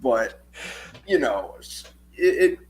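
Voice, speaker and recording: A man's voice: medium pitch, very animated, takes it slowly, a little hiss or hum, poor audio. A man co-hosting a movie review show, giving earnest opinions with stammering restarts. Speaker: podcast co-host. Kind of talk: casual movie review chat.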